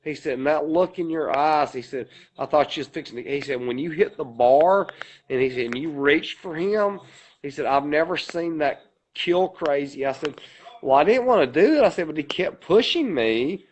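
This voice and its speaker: A man co-hosts a casual podcast chat, telling a long story at a rambling pace and swearing often. His pitch is fairly high and his speed normal. The audio is dull and lo-fi.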